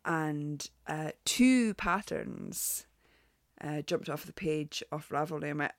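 A woman's voice: low voice, slow, gravelly, dry recording, clean studio sound. A woman hosting a knitting show, reviewing patterns in a chatty, frank way, full of ums and restarts. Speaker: knitting podcast host. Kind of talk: casual spoken review.

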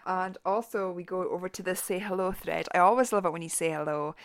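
Chatty, gravelly woman with a mild Shetland accent. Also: on the low side, fairly even intonation, brisk, no room sound. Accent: mild Shetland Scottish. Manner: chatty and rambling. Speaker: knitting podcast host. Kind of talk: casual solo podcast.

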